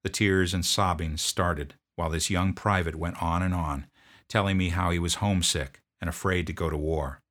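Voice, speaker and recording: A man who served as a drill sergeant, telling a story from his service in a gruff, blunt way. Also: sits low, fairly even intonation, moderate pace, fairly bright tone. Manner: gruff, barking commands when quoting himself. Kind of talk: storytelling narration.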